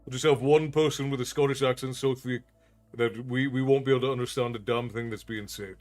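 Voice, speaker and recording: A man's voice: medium pitch, steady tone, fairly quick, darkish tone, faint music behind. A man with an unusual Irish accent, chatting with viewers on a live stream and answering their comments aloud. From Ireland. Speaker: storytelling streamer.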